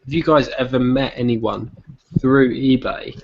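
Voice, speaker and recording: A man's voice: medium pitch, fairly even intonation, a little slow. A British man hosting a casual online chat, telling rambling anecdotes with plenty of fillers. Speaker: podcast host. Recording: slightly dull with faint noise.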